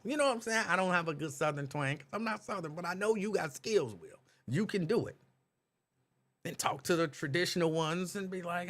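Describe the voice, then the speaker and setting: A man hosting a live talk stream, reading viewers' comments aloud and riffing on them in an animated, direct way. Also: high-pitched, brisk. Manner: animated, talks straight to chat viewers. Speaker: talk show host reading live chat.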